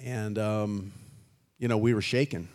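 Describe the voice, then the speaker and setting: Low-voiced man in his sixties. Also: fairly even intonation, unhurried, darkish tone. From Chicago, USA. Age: 60s. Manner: reflective, rambling storyteller. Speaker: guest musician. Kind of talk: casual storytelling interview.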